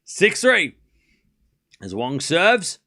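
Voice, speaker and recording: A man with an accent calls tennis points live on his stream, talking in short bursts about each rally. His voice is animated and jumps up sharply when a big point lands. He sounds like a casual streamer, not a broadcast booth. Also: on the high side, extremely slow. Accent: non-native English accent. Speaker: livestream tennis watchalong host. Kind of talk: live play-by-play scoring commentary mixed with chat replies.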